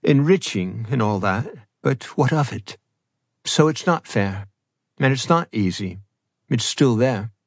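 A weary, blunt young woman, as a male narrator reads her, dry and sardonic in tone. The husky storybook voice sits close and dry, with no room echo. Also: medium pitch, animated, unhurried.

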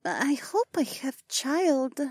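Brief: high lilting alien girl in halting broken english, dry close sound, voiced by a male narrator. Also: very animated, no echo, heavily acted. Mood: hopeful. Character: shy gentle female alien, soft-spoken. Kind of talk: audiobook character voice.

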